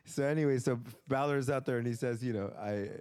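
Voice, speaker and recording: Animated man, casual wrestling chatter. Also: medium pitch, fast talker. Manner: animated, swearing, acts out quotes. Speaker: podcast co-host.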